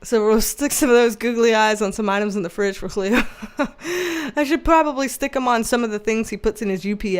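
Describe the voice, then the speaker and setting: A woman hosting a casual livestream, reading chat aloud, loud and animated, laughing and swearing often. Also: mid-range voice.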